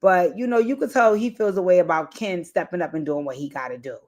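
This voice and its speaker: A woman's voice: fairly low pitch, fast talker, darkish tone. A woman giving casual, candid commentary on a reality show, emphatic and profane, often tagging "right?" onto her points. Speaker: reality TV recap host.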